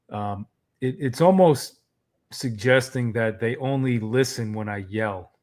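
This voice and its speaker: A man in his thirties co-hosting a live fatherhood Q&A, speaking in a reflective, easygoing way with frequent pauses to think. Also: fairly low pitch, a little mellow. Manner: reflective, many "um" fillers, easygoing. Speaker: co-host, fatherhood coach. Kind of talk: live Q&A advice talk.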